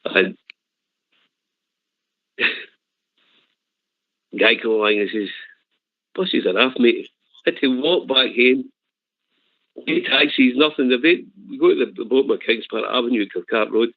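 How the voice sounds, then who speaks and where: A man's voice: medium pitch, measured pace, gravelly, long pauses, no echo. An older man with a Glasgow accent, calling in to tell a rambling story with laughs. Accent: Scottish, Glasgow. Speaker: caller. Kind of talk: phone-in storytelling. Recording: tinny phone line, dry.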